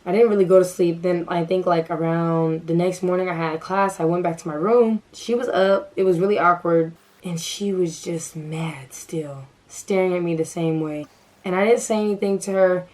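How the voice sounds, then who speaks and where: A young adult woman telling a storytime vlog in a casual, animated way, full of fillers, acting out what people said. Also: on the low side, moderate pace, low-quality recording. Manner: animated, filler-heavy, acts out quoted dialogue. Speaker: vlogger.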